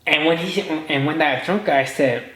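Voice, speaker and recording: A man's voice: a little high, normal speed, bright, forceful tone, echoey room, poor audio. A man rambling through a personal story in a monologue. He often restarts and quotes himself and others. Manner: rambling, full of restarts and quoted inner speech. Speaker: podcast host.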